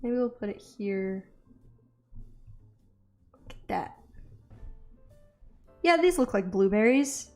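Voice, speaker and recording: A young woman chatting casually as she draws for a video, self-deprecating and quick to laugh. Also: on the high side, lively intonation, darkish tone, faint music behind. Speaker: art vlogger. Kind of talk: casual chat while drawing.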